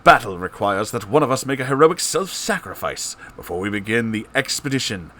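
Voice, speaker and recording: A man voicing an ominous founding-father figure in a comedic story reading, low and foreboding. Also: very animated, fairly quick, pushed and bright.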